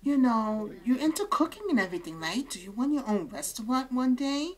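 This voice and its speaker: A woman's voice: a little high, animated, brisk, natural voice, rough recording. A woman voicing a sweet, bashful young woman in a life-sim game, quoting her lines in a chatty way.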